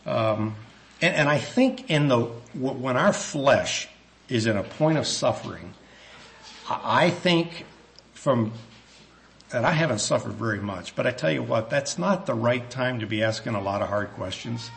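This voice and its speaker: Man, sermon, earnest, measured, hesitant restarts, church. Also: mid-range voice, expressive, creaky, a bit bright. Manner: earnest, measured, reads scripture slowly. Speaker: preacher.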